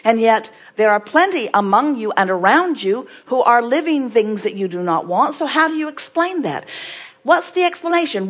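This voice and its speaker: A woman giving an inspirational talk to an audience, emphatic and repetitive, asking rhetorical questions and speaking of herself as "we". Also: fairly high pitch.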